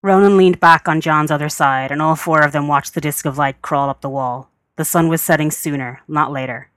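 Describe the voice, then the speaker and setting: Low-voiced woman narrating fiction. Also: steady tone, normal speed, fairly bright tone, no room sound, clean studio sound. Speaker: podfic reader. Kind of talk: scripted narration.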